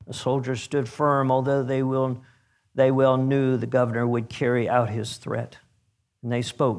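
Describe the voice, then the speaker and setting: A man narrating a story aloud in a measured, dramatic reading. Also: medium pitch, little pitch movement, gravelly, a little mellow.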